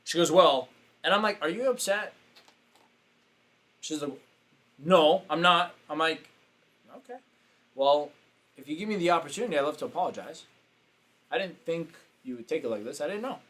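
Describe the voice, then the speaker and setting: Animated storytelling coach, man. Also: normal speed, long pauses. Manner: animated, acts out quotes with sudden pitch jumps. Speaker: business coach. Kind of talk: casual storytelling.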